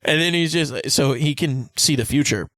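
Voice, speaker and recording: A man co-hosting a podcast in casual chat, swearing often and retelling scenes with quick impressions. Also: a little high, no room sound. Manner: animated, profane storytelling with impressions and loud laughs. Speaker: podcast co-host.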